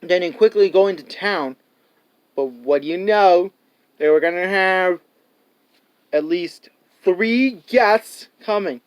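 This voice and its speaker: A man's voice: sits high, slow pace, long pauses, clean tone. A man reviewing a movie in a casual, rambling way, with many fillers and restarts, laughing and acting out scenes. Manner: laughs often and acts out scenes.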